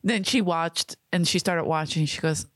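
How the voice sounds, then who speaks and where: Animated woman telling stories, laughing. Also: on the low side, moderate pace, dry recording. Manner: animated storyteller, laughs often. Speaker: guest. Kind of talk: casual chat.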